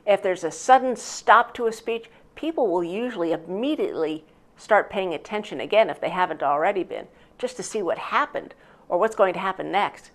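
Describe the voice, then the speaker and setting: Woman teaching with a lively, expressive voice. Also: moderate pace. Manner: expressive, varies loudness and pitch. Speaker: public speaking teacher. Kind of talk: instructional narration.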